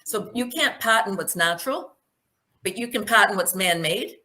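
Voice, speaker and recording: Woman presenter, emphatic, rhetorical questions, medium pitch, conversational talk. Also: expressive, normal speed, sharp tone. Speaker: speaker giving a presentation. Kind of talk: spoken presentation with Q&A.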